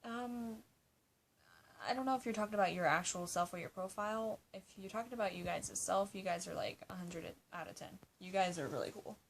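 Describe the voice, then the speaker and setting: A woman's voice: medium pitch, fairly quick, gravelly, slight background noise. An eighteen-year-old woman answering fan questions in a casual vlog. She chats loosely, laughs often, swears and fills her talk with "like". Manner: chatty, swears, laughs often, many "like" fillers.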